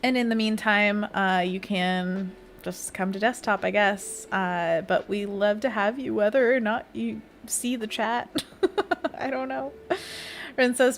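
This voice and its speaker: A woman's voice: mid-range voice, measured pace, a little hiss or hum. A woman hosting a casual art livestream, chatting and giggling as she reads chat aloud and talks to herself while she draws.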